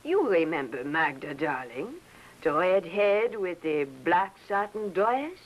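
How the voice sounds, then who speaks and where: An actress playing a wife who puts on a phony foreign accent to pose as a coy old flame, in 1950s TV drama style. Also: female voice, medium pitch, big pitch swings, moderate pace, sharp tone, breathy edge, exaggerated voice, rough recording. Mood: sultry teasing.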